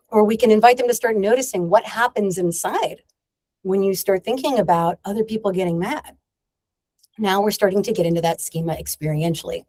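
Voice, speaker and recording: A woman's voice: on the high side, no echo. A woman psychotherapist giving a training talk to colleagues, explaining methods and acting out short client exchanges. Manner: explanatory, acts out client dialogue. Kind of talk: recorded training presentation.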